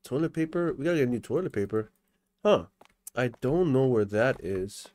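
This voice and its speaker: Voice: mid-range voice, lively intonation, normal speed, a little mellow, no room sound. A young adult commentating live over a game, panicky, often repeating words over and over. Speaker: gameplay commentator.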